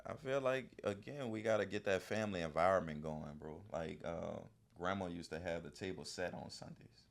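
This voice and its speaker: A man from New Orleans with a local accent, talking reflectively in a casual podcast conversation that turns animated when he tells stories. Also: sits low, normal speed, gravelly. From New Orleans, Louisiana. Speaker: podcast guest.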